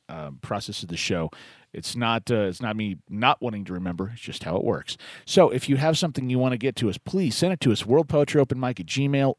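A man hosting a poetry call-in show, chatting loosely with restarts and reading a listener's poem slowly and softly. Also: fairly low pitch, no echo. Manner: slow, soft reading of a poem.

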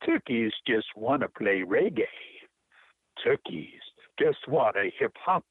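A man's voice: medium pitch, very animated, slow pace, husky, dry recording, pitched below the performer's own voice, heavily acted. A man calling in on the phone, reading a poem aloud in a put-on Jamaican accent. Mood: playful. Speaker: caller. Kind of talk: poetry reading. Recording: phone line.

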